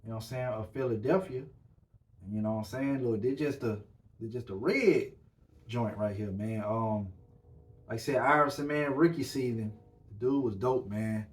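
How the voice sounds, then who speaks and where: A man's voice: mid-range voice, normal speed. A man hosting a casual podcast, talking loosely with lots of slang and fillers. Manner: laid-back, loose slang, filler-heavy. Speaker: podcast host. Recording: voice a bit far from the mic.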